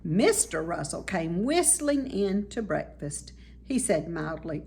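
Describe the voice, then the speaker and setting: A woman, a teacher, reading a children's chapter book aloud with expressive storytelling. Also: lowish voice, slow, creaky, slight background noise.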